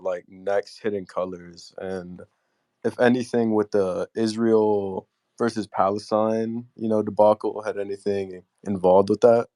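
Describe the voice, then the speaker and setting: Man, Canadian accent, caller, hesitant, baiting, low voice. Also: steady tone, a little slow, mellow, no echo, clean studio sound. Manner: hesitant, trolling.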